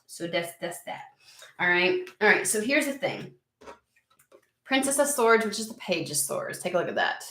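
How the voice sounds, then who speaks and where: A woman giving a casual, animated tarot reading to her viewers, swearing freely as she talks through the cards. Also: medium pitch, moderate pace, a little hiss or hum. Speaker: tarot reader. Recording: roomy echo.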